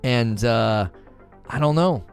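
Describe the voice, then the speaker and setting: A man's voice: mid-range voice, expressive, slow, creaky, smooth. Earnest man chatting over faint music. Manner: earnest, openly emotional, repeats himself. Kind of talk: casual chat.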